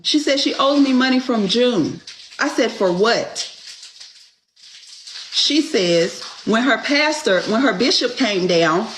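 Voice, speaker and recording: Slow-talking, blunt storytelling woman. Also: fairly high pitch, animated, a bit bright, a little hiss or hum. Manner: blunt, exasperated, swears freely. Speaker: podcast host. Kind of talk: casual storytelling chat.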